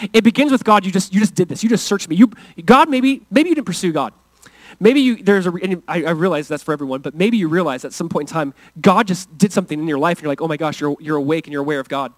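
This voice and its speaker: Fast-talking pastor guy in his 30s, high voice, earnest, goes loud then hushed, dry close mic. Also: expressive, dry recording, low-quality recording. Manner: earnest, fervent, swings between loud emphasis and hushed soft passages. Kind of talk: sermon.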